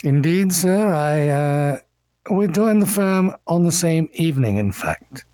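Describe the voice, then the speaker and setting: A smooth, cultured elf lawyer in a tabletop game, his voice pitched up and his phrasing courtly and precise, as a man puts him on. The delivery is dry and close. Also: lively intonation, unhurried, dark tone, no echo. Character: suave cultured male elf attorney.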